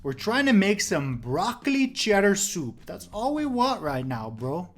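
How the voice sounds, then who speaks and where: A man's voice: high-pitched, very animated, unhurried, faint music behind, pitched above the performer's own voice, full character voice. A man doing a drawling laid-back squatter. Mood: pleading. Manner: drawling, says "bro" and "man".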